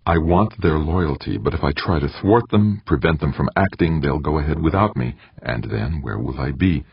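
A scheming, brooding man who frets about losing his grip on power, as a man reads him in an audiobook. The voice is extremely deep and husky. It is recorded dry and sounds a little dull and lo-fi. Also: animated, normal speed, no echo, full character voice. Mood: anxious. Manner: anxious, brooding inner voice. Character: scheming ambitious man, an ex-convict leader.

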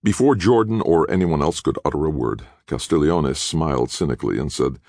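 A man narrating a thriller audiobook in a measured, dramatic way. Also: a bass voice, expressive, creaky, darkish tone, dry recording, studio quality.

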